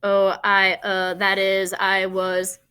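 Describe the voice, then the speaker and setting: A woman voicing a doting, gentle grandmother in a children's audiobook. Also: medium pitch, monotone, slow, clean tone. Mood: fond. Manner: gentle, affectionate.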